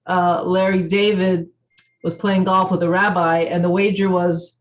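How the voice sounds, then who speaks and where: A participant in a class makes a casual comment, halting and searching for words. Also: medium pitch, little pitch movement, lo-fi sound. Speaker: class participant asking a question.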